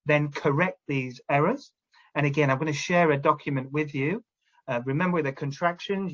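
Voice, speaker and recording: In a fairly high voice, a man gives instructional talk to teachers on classroom procedures, repeatedly asking "all right?". The audio sounds dull.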